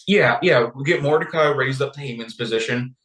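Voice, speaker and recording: Casual male podcast co-host, animated storyteller, mid-pitched, echoey room. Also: brisk. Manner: animated, acts out characters' lines in high voices. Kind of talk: casual chat retelling a story.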